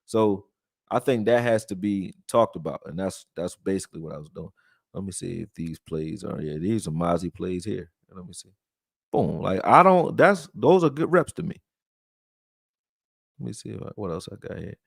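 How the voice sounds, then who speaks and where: A man with a fairly low voice hosts a live sports stream and chats in a loose, way, now and then reading viewer comments aloud. The sound is dry and close, with no room around it. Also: lively intonation, normal speed, vocal fry, breathy edge, no room sound. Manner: loose, conversational, reads viewer chat aloud. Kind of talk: casual live-stream film breakdown.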